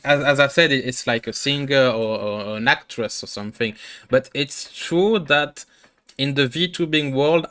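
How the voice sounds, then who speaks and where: Guy hosting a chat podcast, stumbles over his words, smooth bright voice. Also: mid-range voice. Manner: hesitant, stammering restarts, laughs often. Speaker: podcast host. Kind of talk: casual podcast interview.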